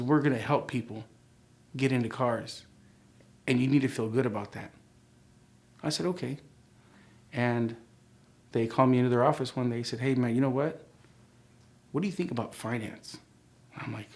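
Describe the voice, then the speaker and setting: Reflective man in his forties telling stories. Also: medium pitch. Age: 40s. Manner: acts out quoted dialogue with lively shifts, conversational and reflective. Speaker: interviewee sharing his life story. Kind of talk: relaxed storytelling interview.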